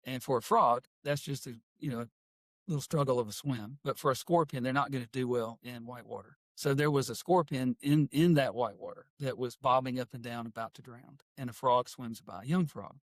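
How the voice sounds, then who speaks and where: Middle-aged man, folksy interview guest; medium pitch, dry studio sound. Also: fairly quick, dry recording. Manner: folksy, with homespun phrases. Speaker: guest, workplace culture consultant and author. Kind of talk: casual interview talk and storytelling.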